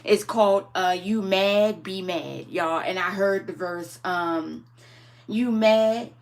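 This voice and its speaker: A woman's voice: fairly low pitch, fairly even intonation, slow. A woman hosting a casual live spiritual reading on her phone camera, chatty and affectionate toward her viewers. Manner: affectionate, chatty, calls viewers "my babies" and "y'all".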